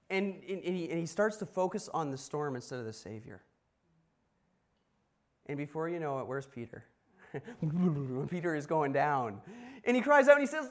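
A man preaching a casual sermon as pastor, telling a story with asides to the congregation. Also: on the high side. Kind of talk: conversational sermon.

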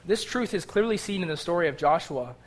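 Fervent man preaching, slightly high voice. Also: expressive, fairly quick. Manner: fervent preaching, voice rising on cries to God. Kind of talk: sermon.

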